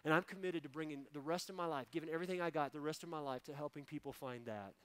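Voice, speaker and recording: A fervent man in his forties preaches to his church, his voice sitting a little higher than most men's. He presses points home by repeating phrases and swells with emotion before easing into a quieter prayer. The sound is close and dry, with no room echo. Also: fast talker, clean tone. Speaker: pastor. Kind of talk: sermon ending in prayer. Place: church sanctuary.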